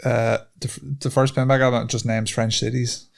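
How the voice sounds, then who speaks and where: Dry, teasing Irish podcast co-host. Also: male voice, mid-range voice, flat delivery, normal speed, gravelly. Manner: dry teasing, swears casually. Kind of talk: casual banter and reading notes.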